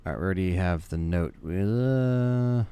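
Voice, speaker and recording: A man's voice: deep voice, expressive, a little slow, warm tone, smooth. Tired, laid-back man streaming a game. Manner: rambling, laid-back, talks to chat. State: tired, yawning. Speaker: gaming streamer. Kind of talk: casual gameplay commentary to chat.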